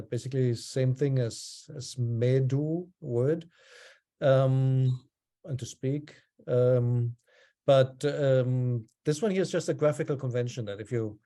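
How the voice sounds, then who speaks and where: Relaxed man teaching a class online. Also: medium pitch. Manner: relaxed, explanatory, with frequent ums.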